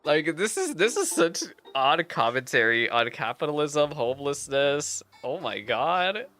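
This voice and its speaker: A man streaming a video game, reacting out loud with animated, mock-outraged commentary and frequent laughter. His voice is bright and forceful, with faint guitar music playing underneath. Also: on the high side, measured pace.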